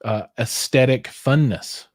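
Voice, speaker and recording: A man hosting a casual livestream chat from home, joking and acting out quoted voices, talking into a boom-arm microphone. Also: slow pace, no echo, studio quality. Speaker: livestream host. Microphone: headphones with a studio microphone on a boom arm.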